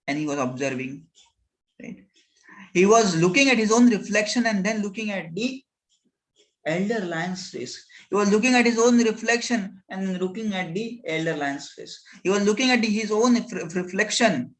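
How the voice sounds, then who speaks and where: A man's voice: sits high, moderate pace, fairly bright tone, low-quality recording. A man teaching a scripture class, telling a parable earnestly and often checking in with his listeners with a rhetorical "right?". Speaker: spiritual teacher.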